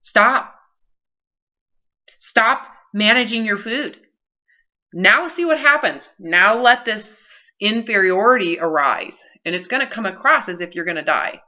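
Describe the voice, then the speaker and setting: A woman's voice: lowish voice, expressive, moderate pace, bright, forceful tone, muffled recording. A woman working as a health coach, talking directly and bluntly to a client in a one-on-one session over a video call.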